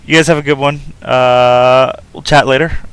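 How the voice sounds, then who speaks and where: A man's voice: medium pitch, steady tone, moderate pace, a bit bright, clean tone, no room sound. A man in his thirties chatting casually on a game live stream, rambling loosely with lots of fillers and restarts.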